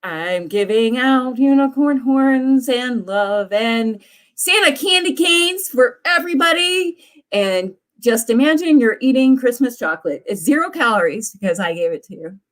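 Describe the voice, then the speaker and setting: A woman's voice: on the high side, animated, unhurried. Bubbly woman author, chatty livestream host gushing over viewers. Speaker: author hosting live writing sprints. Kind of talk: casual livestream chat.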